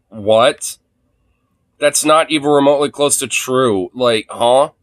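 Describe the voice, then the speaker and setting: A man's voice: mid-range voice, takes it slowly, no room sound. Guy ranting and cackling over clips on a stream, dead-dry mic, nothing fancy in the voice. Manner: profane, laughing, mocking impressions. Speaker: streamer reacting to videos. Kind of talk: casual live-stream commentary.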